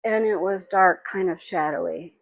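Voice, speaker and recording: A woman in her sixties telling personal memories in a halting, reflective, tearful way. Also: on the low side, creaky, no room sound, low-quality recording. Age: 60s. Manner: halting and reflective, with frequent pauses and fillers; tearful and emotional. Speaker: spiritual vlogger. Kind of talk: personal memoir monologue.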